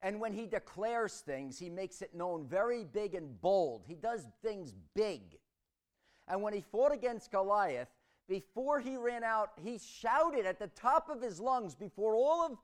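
A man preaching a sermon, swinging between hushed reflection and loud, dramatic storytelling. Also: high-pitched, very animated, unhurried.

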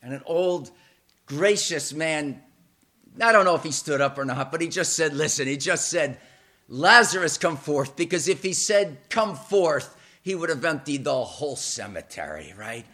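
A man preaching a sermon in a church. He is dramatic and emphatic, repeats words as he builds momentum, and swings between loud peaks and hushed, low passages. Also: expressive, moderate pace. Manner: dramatic and emphatic, with swells and drops in volume.

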